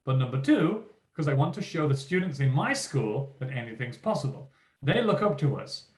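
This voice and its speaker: In a reverberant hall, a man of medium pitch and normal speed addresses teachers with a motivational keynote. His delivery is energetic and emphatic, and he performs the lines of teachers and children he quotes.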